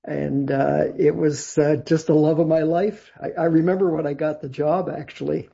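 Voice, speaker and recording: An older man from Canada, a guest songwriter and producer, telling stories in a rambling, husky way with many restarts and laughs. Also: a little high, steady tone, moderate pace, mellow. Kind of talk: casual interview storytelling. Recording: dull lo-fi sound.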